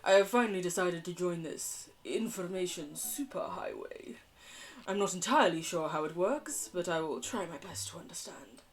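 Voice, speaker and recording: A woman voicing a posh, gothic Victorian gentleman dad with a formal, gloomy, stately manner and a posh English accent. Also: fairly low pitch, expressive, normal speed, lightly acted.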